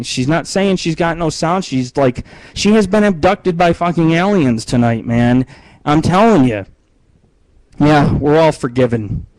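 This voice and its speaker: A man's voice: on the high side, a little mellow, no echo, poor audio. A man hosting a live internet radio show from home, rambling and profane, with many fillers and restarts, talking into a computer mic on a webcam stream. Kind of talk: crude casual live-stream talk.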